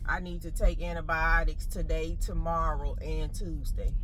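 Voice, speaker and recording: A woman, vlogging in a blunt, profane, animated rant. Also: low voice, moderate pace, slight background noise, rough recording. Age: 40s. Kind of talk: casual ranting chat.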